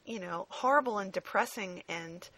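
A woman's voice: medium pitch, moderate pace, bright, forceful tone. Frank, chatty woman reviewing a movie. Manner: frank and chatty, swears freely, many ums. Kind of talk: casual review chat.

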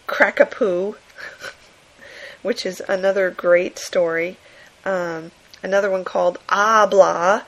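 A woman's voice: mid-range voice, gravelly, low-quality recording. Chatty woman gushing about comics. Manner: enthusiastic, laughing often, many fillers. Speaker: podcast host. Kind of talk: casual book review monologue.

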